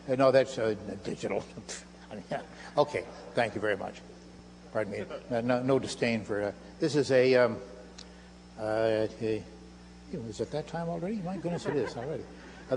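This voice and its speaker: This is a live recording from a lecture hall, faintly humming, with the audience laughing. On stage, an older man with a medium-pitched, somewhat mellow voice lectures and demonstrates magic tricks. He talks in playful, self-mocking showman patter.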